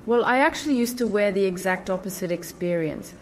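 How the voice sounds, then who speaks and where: A woman's voice: medium pitch, fairly quick, faint music behind. A woman hosting a spiritual channel, explaining things in a casual monologue with emphatic repetition and awkward phrasing.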